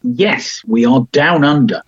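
A man's voice: mid-range voice, takes it slowly, a loud crowd, very noisy. A man hosting a casual review podcast, chatty and wry, with plenty of ums and restarts. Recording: dry, slightly dull home recording.

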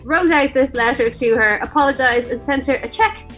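A woman's voice: high voice, a little fast, a bit bright, soft background music. A woman with an Irish accent and a slight mid-Atlantic twang, co-hosting a radio show in casual, chatty talk and laughing easily. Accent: Irish with a mid-Atlantic lilt. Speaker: radio co-host. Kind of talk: casual chat.

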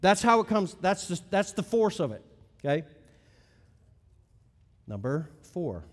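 A middle-aged man with a high voice preaches through a teaching sermon. He leans hard on key words, then drops to softer asides, and his voice rings with the long reverb of a big hall. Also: very animated, a little slow. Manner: emphatic, swings between loud stresses and quiet asides. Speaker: pastor.

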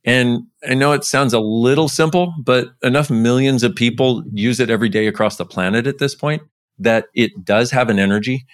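A man of middle pitch, talking as a podcast guest in a relaxed, conversational way. He is animated and lifts his voice high whenever he wants to stress a point. The sound is dry and close to the mic, with no room echo. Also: normal speed. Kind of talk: casual interview talk.

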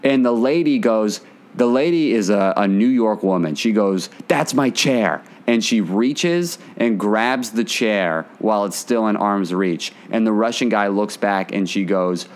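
A man's voice: lowish voice, unhurried. A man casually telling a funny story in a chat with a friend, swearing and acting out what people said. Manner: animated storyteller, swearing, acts out quotes.

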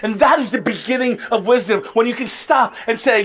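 High-voiced earnest male pastor preaching. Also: brisk, hardly any pauses, fairly bright tone. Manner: earnest, rising to impassioned appeals. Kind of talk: sermon.

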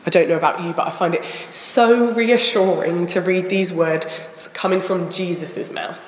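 A woman delivers a sermon at an unhurried pace, reflective and earnest in tone. Her voice carries through an echoey church hall with a long reverb tail. The recording sounds roomy rather than close. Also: fairly low pitch. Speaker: preacher.

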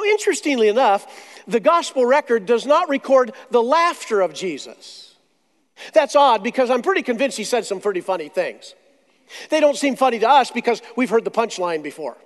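A man delivers a sermon in a strikingly high voice, mixing jokes with slow, dramatic pauses. His words ring out with a long reverb from a big hall. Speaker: pastor.

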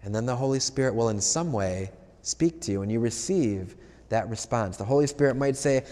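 A man's voice: mid-range voice, animated, fairly quick, dark tone. A male priest giving a conversational homily, putting questions to the congregation. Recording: long hall reverb.

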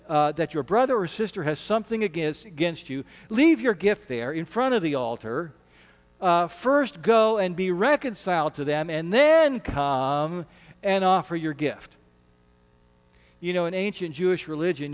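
A pastor preaches a sermon in a church sanctuary, earnest and conversational, frequently restarting his words. His voice sits high, and the space sounds like a large hall.

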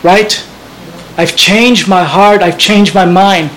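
A man's voice: high-pitched, fairly even intonation, slow, fairly bright tone, a little hiss or hum, poor audio. A man preaching a sermon as pastor, earnest and conversational, often restarting his phrases.

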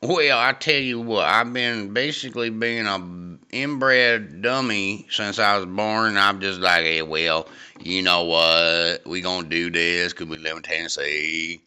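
A man's voice: deep voice, fairly even intonation, unhurried, pushed and bright, clear, resonant tone, full character voice. A man putting on a drawling hillbilly good old boy. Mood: boastful. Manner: rambling, drawling, crude. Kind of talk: improvised comedy podcast bit.

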